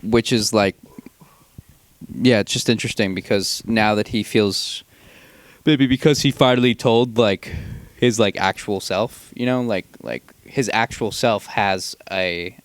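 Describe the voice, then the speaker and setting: Man, low voice, podcast co-host, casual, agreeable, thinks out loud. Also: a little slow, no echo. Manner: brief agreeing interjections, short theorizing. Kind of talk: casual movie review chat.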